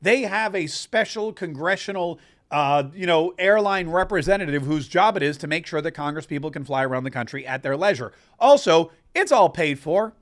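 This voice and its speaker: A man's voice: a little high, animated, moderate pace. A man hosting a political commentary show, ranting emphatically and with sarcasm. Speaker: host.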